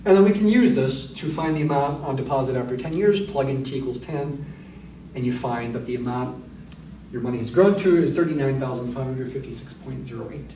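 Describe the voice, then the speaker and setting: A man's voice: medium pitch, fairly quick, warm tone, far from the mic, a little hiss or hum. A man lecturing on mathematics, explaining step by step and thinking aloud with asides. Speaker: math lecturer. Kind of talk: recorded university lecture. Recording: echoey room, voice a little off-mic.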